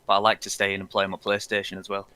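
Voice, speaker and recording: Lad about 30, low but bright sharp voice, dry mic, jokey sweary chat. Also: male voice, completely flat delivery, racing, clean tone. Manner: joking, sweary, dialect grammar. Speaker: podcast co-host. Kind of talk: casual chat.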